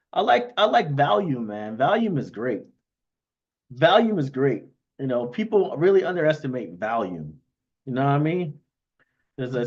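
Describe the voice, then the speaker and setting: Excitable man on a lo-fi livestream. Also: fairly high pitch. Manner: excitable, talks in bursts with frequent "you know what I mean". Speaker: livestream host thanking investors. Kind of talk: casual livestream chat.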